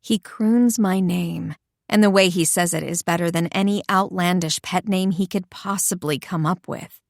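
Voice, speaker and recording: A woman narrating a first-person romance audiobook in an expressive, intimate storytelling voice. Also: on the low side, normal speed, creaky, no echo, studio quality.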